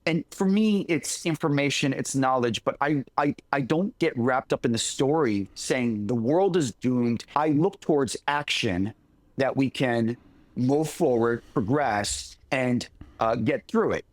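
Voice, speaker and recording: A man's voice: medium pitch, lively intonation, a little slow, dry recording. A man co-hosting a podcast in casual chat, telling a story in a rambling way with restarts. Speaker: podcast co-host.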